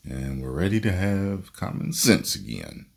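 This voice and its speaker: A man's voice: low voice, big pitch swings, unhurried, vocal fry, breathy edge. A man hosting a reaction video, chatting casually with laid-back, amused, blunt asides.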